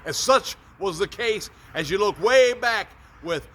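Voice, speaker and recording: Bright, upbeat preacher man. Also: sits high, lively intonation, a little slow, slight background noise. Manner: upbeat, folksy, repeats words. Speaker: preacher, motivational host. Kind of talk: short devotional talk.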